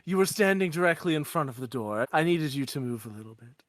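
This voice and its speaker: A man's voice: fairly high pitch, animated, fast talker, a bit bright, no room sound. A man voicing a prim, sweetly polite young woman in a tabletop game podcast, recorded close and dry.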